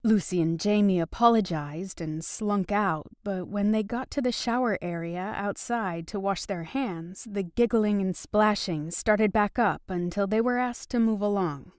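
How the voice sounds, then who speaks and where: A woman narrating a romance audiobook in an even, steady storytelling manner. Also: medium pitch, unhurried, few pauses, dry recording, clean studio sound. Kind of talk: scripted narration.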